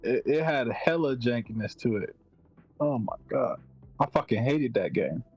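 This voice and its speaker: A man talks games in a loose, animated way, full of slang and swearing. His pitch sits mid-range for a man. Faint music plays underneath. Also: a little slow, breathy edge, muffled recording. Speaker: guest. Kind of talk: casual gaming chat.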